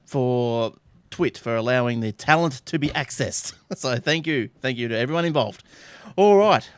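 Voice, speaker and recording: A man's voice: mid-range voice, clean tone, dry recording. Australian man hosting a podcast. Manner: relaxed, steers the talk with fillers. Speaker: podcast host. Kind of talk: casual podcast chat.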